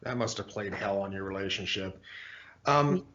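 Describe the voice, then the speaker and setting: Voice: deep voice, moderate pace, a bit bright, a little hiss or hum. A podcast host asking short questions and giving brief reactions in an interview. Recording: dull lo-fi audio.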